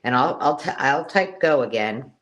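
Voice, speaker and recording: A woman's voice: very deep voice, moderate pace. Chatty woman hosting a live craft sale. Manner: chatty and excitable, counting items aloud. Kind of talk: casual live-stream selling chat.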